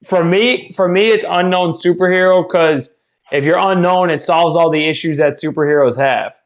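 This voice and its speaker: Guy on a video call, muffled lo-fi audio, kinda high voice, jokey. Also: normal speed. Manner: joking, laughs often. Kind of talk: casual chat.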